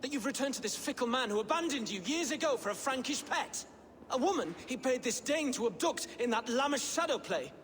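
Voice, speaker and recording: A man's voice: very high voice, animated, a little fast, fairly bright tone, big-room sound, slight background noise. A man voicing a bitter, scornful young brother in a video game, sneering and accusing.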